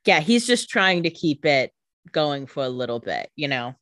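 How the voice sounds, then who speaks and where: A woman's voice: sits low, big pitch swings, moderate pace, a bit bright, no echo, clean studio sound. A woman co-hosting a casual chat, chiming in with quips and mock quotes. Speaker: podcast co-host.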